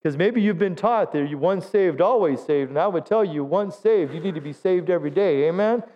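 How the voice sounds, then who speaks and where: A man's voice: sits high, lively intonation, brisk, lo-fi sound. A middle-aged man preaching a Pentecostal sermon as pastor, exhorting the congregation to respond and joking at his own expense. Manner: exhorting, calls for audience response; self-deprecating humor. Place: church sanctuary.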